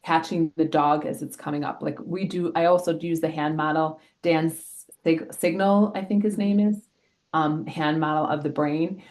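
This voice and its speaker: Speaking at a normal speed with a voice that sits low, this middle-aged elementary school health educator gives lively explanations full of examples during a relaxed interview.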